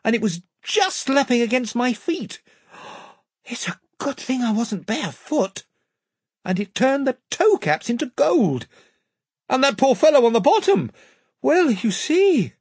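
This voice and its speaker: A reader voicing a bold, quick-thinking boy in a storybook, speaking in an urgent, commanding way. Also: mid-range voice, very animated, a little mellow, slightly rough, no room sound, clean studio sound, voice pushed up, heavily acted.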